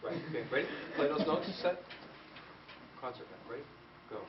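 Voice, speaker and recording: Brief: man guest-conducting a school band, animated and teasing, fairly high voice, heard from a distance in an echoey room with hiss. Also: moderate pace, muffled recording. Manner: animated, playful, quizzing students. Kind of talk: school band rehearsal instruction.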